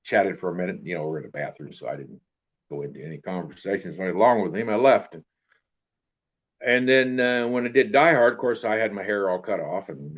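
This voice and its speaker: An older man with a lowish voice tells stories in a loose, rambling way. He restarts his sentences and lets them trail off with throwaway tags. The recording sounds a little dull and lo-fi. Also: slightly rough. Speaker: actor telling stories. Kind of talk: casual anecdote in an interview.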